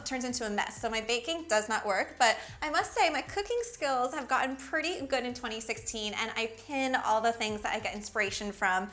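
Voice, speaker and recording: A woman's voice: on the high side, animated, fairly quick, hardly any pauses, a bit bright. A woman in her thirties who grew up in Miami, speaking with a Valley girl accent and chatting casually to camera as a fashion blogger, with lots of "like". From Miami, USA. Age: 30s. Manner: chatty, fills talk with "like".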